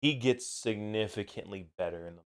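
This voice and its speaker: Young man, podcast co-host, casual chat, laid-back, swears freely, low voice, smooth tone. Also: fairly quick.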